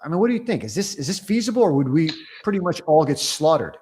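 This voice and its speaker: A male podcast host chats casually, rambling and excitable, with many restarts and fillers. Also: a little high, fast, slightly rough. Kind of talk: casual interview chat. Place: Germany.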